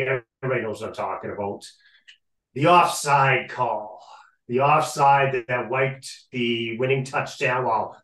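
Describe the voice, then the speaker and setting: A man co-hosting a casual sports podcast, ranting in an animated way and often repeating his catchphrase. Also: medium pitch, far from the mic. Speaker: podcast co-host. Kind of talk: casual sports talk rant. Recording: echoey room, off-mic.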